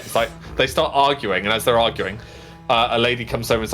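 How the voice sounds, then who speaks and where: A man's voice: medium pitch, fast talker, a bit bright, faint music behind. Guy game-mastering a tabletop game, chatty and rambly, medium voice. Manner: casual, rambling with fillers.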